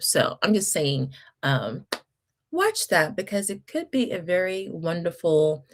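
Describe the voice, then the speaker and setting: With a lowish, sharp-toned voice, a middle-aged woman hosts a casual homeschool livestream. She reads comments from viewers, speaks to them in a Southern way, and gives encouraging, chatty advice punctuated by laughs and restarts.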